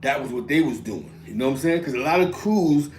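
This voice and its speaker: Animated and fairly quick, a mid-range voice with a darkish tone comes through a roomy recording that has a little hiss or hum. The speaker, an East Harlem man with a New York accent, tells rambling street stories in casual slang and often adds "you know what I'm saying" with a laugh.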